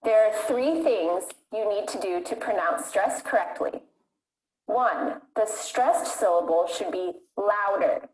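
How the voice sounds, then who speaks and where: A woman teaching English pronunciation in a clear, deliberate, scripted way. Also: medium pitch, a little mellow. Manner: clear, deliberate modeling of words. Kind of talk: scripted lesson narration. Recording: echoey room.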